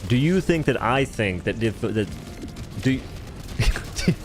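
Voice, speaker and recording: A man's voice: mid-range voice, expressive, unhurried, long pauses, a little hiss or hum. A man streaming a game live, rambling and joking in casual chatter as he answers viewers' chat.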